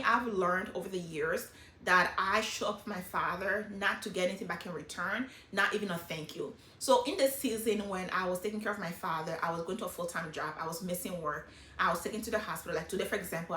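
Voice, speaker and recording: A middle-aged woman talking casually and emotionally about her life, in an animated, hyper way. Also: fairly low pitch, reverberant, slight background noise. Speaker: vlogger sharing life lessons. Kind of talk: casual personal talk.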